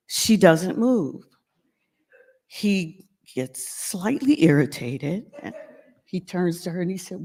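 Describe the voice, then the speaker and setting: A woman's voice: lowish voice, slow pace. A woman telling a playful, laughter-filled story as she introduces a guest speaker at a college convocation. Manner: animated, playful, laughing often.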